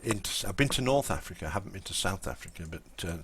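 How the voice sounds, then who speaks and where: Chatty English man, lowish voice. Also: lively intonation, fast talker, noisy background. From Lincolnshire, England. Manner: rambling, chatty, talks to viewers in chat. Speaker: game streamer. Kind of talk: casual live-stream commentary.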